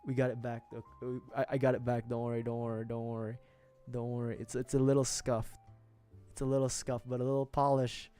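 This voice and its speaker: A man's voice: mid-range voice, flat delivery, fairly quick, warm tone, soft background music. A young man from the Philippines chatting casually on a livestream while building a model kit, laughing often and repeating himself. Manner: giggly, rambling, repeats phrases.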